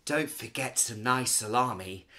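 A woman voicing a greedy, excitable young girl who is always hungry, gushing and wailing in a high, loud voice. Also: unhurried, exaggerated voice. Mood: delighted.

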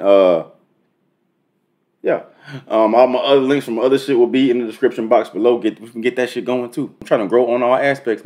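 A young man hosting a music reaction video, talking in loose, profane slang and thinking out loud with frequent restarts. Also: medium pitch. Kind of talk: casual reaction commentary.

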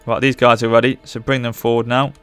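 A man commentating live on his strategy game as he plays, urging his units on and reacting loudly to the battle. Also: mid-range voice, fast, clear, resonant tone, faint music behind. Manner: urgent, excitable, barks orders at units. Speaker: gaming channel host.

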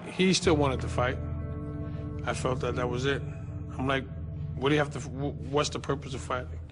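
A male boxing trainer speaking in a very flat, monotone way in a reflective interview. Loud guitar music plays underneath his resigned words. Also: mid-range voice, normal speed.

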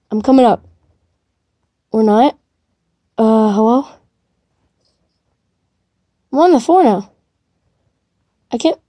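A woman giving casual commentary to herself while playing a game, excitable and chatty. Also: fairly high pitch, takes it slowly, pauses often, no room sound, studio quality. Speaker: gamer streaming gameplay. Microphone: device mic while playing on a tablet.

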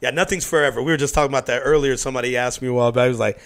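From his home studio, a podcast host leads a laid-back interview chat, talking quickly with a gravelly rasp. He tells loose, profane stories and slips into impressions of the people in them, his medium-pitched voice steady and fairly bright.

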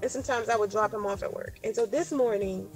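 A woman's voice: mid-range voice, fast, faint music behind. A woman in her forties casually retelling a conversation, full of "like" and loose fillers. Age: 40s. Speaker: storyteller in a clip. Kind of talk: casual storytelling.

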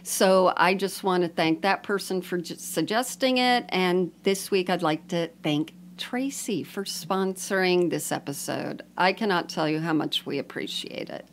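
A woman's voice: on the low side, measured pace, few pauses. A woman co-hosting a podcast in loose, casual chat. She jokes around and laughs often while she talks. A faint hum sits under the recording. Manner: playful, jokey, laughs often. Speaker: podcast co-host.

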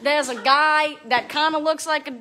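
Giggly high bright-voiced young woman. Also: fairly even intonation, moderate pace, a little hiss or hum. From Louisiana. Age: young adult. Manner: giggly, chatty, reads out fan comments. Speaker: reality show personality. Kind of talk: casual livestream chat with fans. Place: at home with family. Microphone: phone livestream.

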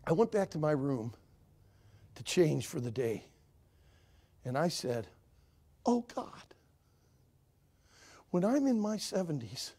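A man in his sixties preaching a sermon, telling a story and swinging from hushed to shouting. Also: on the high side, husky. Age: 60s.

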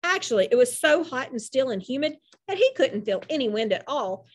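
Woman narrator, children's book reading, high voice, lively and animated delivery. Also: a little fast. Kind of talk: storybook reading aloud.

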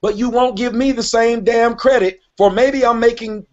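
A high-pitched man argues on a live online stream. He presses his points, cuts in often and insists on finishing what he says. The audio is dull and lo-fi. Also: steady tone, normal speed, darkish tone. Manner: argumentative, cuts in, keeps repeating "wait a minute". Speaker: host of a live online hangout. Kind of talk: heated live debate. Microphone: online call audio.

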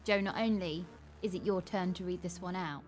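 A woman's voice: on the low side, normal speed. A woman co-hosting a casual livestream, playful and teasing, laughing easily. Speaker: co-host. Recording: faint music behind.

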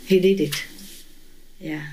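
A woman's voice: low voice, steady tone, slow, a little mellow, a little hiss or hum, rough recording. A woman being interviewed who tells a story with animation, laughing often and acting out voices and sounds.

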